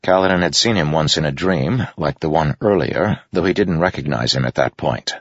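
A man reading a fantasy novel aloud in a measured, grave narration. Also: extremely low pitch, slightly rough, dry recording. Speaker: audiobook narrator. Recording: dull lo-fi audiobook recording.

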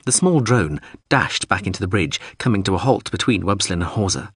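A man reads a sci-fi audiobook in a very deep, husky voice. His narration is steady and even. The recording is dry and close to the mic. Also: a little fast, no echo. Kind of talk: scripted narration.

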